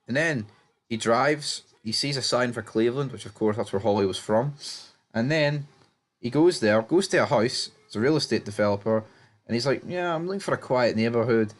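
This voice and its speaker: A man's voice: mid-range voice, normal speed. A man casually recapping TV episodes, blunt and rambling, swearing freely and restarting sentences. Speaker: TV show reviewer.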